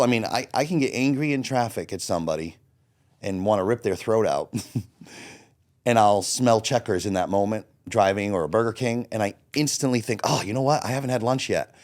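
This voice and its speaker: A man in his late forties, a guest telling his own story in a candid, blunt way, swearing freely and acting out his own past thoughts. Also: on the low side. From Florida. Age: 40s. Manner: blunt, swears freely, animated when quoting himself. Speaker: interview guest.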